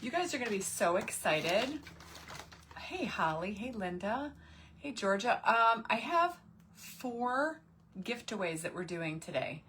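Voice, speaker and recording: A woman's voice: fairly high pitch, big pitch swings, a little slow, pushed and bright, a little hiss or hum. A woman, hosting a casual craft livestream and chatting with viewers, greeting them by name. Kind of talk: casual live craft stream chat.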